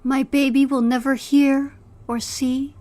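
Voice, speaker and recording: A woman's voice: level tone, a little mellow, soft background music. A woman voicing a hissing monster mother. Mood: tender. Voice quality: low, wet, hissing voice. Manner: slow, drawn-out delivery. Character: monstrous clawed forest mother, female, menacing.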